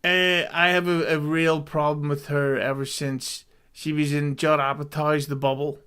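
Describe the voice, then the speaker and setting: A man co-hosts a podcast, offering wry, critical takes in loose conversation. His voice is fairly high for a man, smooth and resonant. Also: flat delivery, normal speed, sharp tone. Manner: wry, dry critical commentary. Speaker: podcast co-host. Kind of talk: casual chat.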